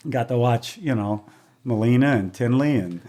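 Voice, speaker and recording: A man's voice: mid-range voice, moderate pace. An older man, a race announcer as a guest, telling stories from his career in chatty, casual conversation and acting out what people said. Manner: lively storyteller who acts out quoted dialogue; chatty, with restarts and throat clearing.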